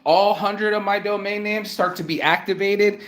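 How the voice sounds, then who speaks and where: A man talking to camera in a rambling personal vlog rant, profane and animated, full of restarts and repeated filler words. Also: sits high, moderate pace. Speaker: vlogger. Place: outdoors among trees.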